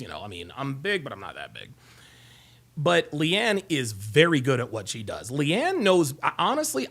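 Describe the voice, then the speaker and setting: A man's voice: a little high, sharp tone. A middle-aged man hosting a show, telling a long story in a casual rambling way, repeating himself and restarting his sentences. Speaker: host.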